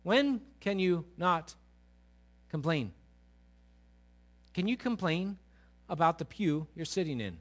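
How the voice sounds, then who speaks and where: A man preaching a sermon as pastor to his congregation. He swings from loud to hushed and keeps asking the listeners questions. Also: a little high, lively intonation, slow, pauses often. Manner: asks the congregation rhetorical questions. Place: church sanctuary before a congregation.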